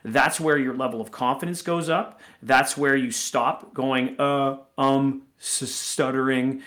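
Measured, teacherly male podcast co-host. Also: medium pitch, steady tone, fairly bright tone. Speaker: podcast co-host, sales coach. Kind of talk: casual podcast chat.

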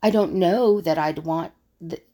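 In an unhurried monologue, a female conflict resolution coach reflects aloud and plays out the scoffs people throw around. Her voice is on the low side, with a dark tone.

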